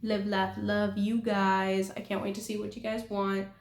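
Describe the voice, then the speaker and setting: A young Californian woman, a nail artist who vlogs, chats casually with her viewers from her apartment, rambling along with lots of giggles and self-deprecating asides. Her voice is medium-pitched, level and a little slow, and the room sounds echoey.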